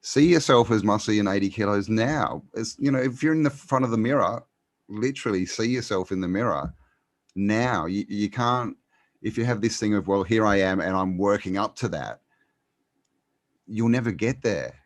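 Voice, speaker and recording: A man speaking in a very low voice, recorded dry and close. He talks as a guest in a relaxed conversation, pausing often with ums and restarting his sentences. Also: no room sound. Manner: hesitant, many ums and restarts. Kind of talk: casual conversation.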